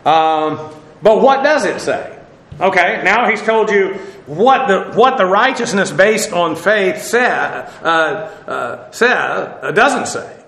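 A man's voice: high voice, lively intonation, takes it slowly, a bit bright, roomy sound. A man teaching a Bible passage verse by verse, working through the Greek words in a loose, conversational way with frequent fillers and restarts.

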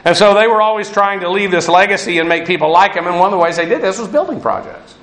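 A man's voice: high voice, fast talker, fairly bright tone. A man giving a verse-by-verse Bible teaching, talking in a discursive way with many restarts and asides. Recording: roomy echo.

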